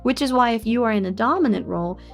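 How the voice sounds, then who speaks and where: A woman's voice: fast, creaky. A young woman streamer telling a personal story to her chat in a candid, confiding way. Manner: candid and confiding, bursts into high excited squeals at chat. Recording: faint music behind.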